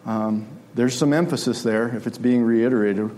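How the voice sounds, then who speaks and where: A man's voice: mid-range voice, fairly even intonation, normal speed, mellow. A man preaching a sermon in a conversational way, often asking his listeners rhetorical questions.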